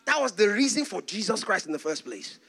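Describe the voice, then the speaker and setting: A Nigerian-accented pastor preaches a sermon as dramatic storytelling. His voice sits very high for a man, with a gravelly fry and a bright, forceful edge. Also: sing-song, fairly quick.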